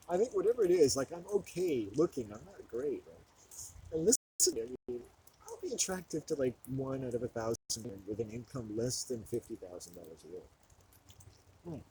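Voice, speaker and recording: A man rambling through a self-mocking comedic monologue alone in a forest. His pitch sits in the middle range, and a faint hiss of outdoor noise is behind him. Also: poor audio. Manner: rambling, self-mocking, laughing between thoughts.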